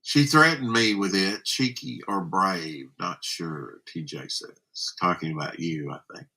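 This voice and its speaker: A man hosts a relaxed live stream, musing aloud and reading viewer comments with plenty of fillers. His voice is low, husky and strikingly bright. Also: measured pace, rough recording. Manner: rambling, musing with many fillers.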